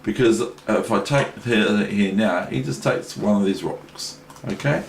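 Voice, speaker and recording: This casual chess lesson comes from a New Zealand man who analyses a game in a chatty, rambling way, with lots of asides. He speaks unhurriedly in a lowish voice with vocal fry, in an echoey room with faint noise.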